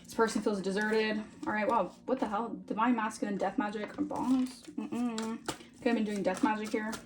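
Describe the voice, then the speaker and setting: A woman's voice: mid-range voice, steady tone, normal speed, noisy background. A woman giving a casual tarot reading in a chatty, informal way, often checking in with "all right?". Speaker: tarot reader.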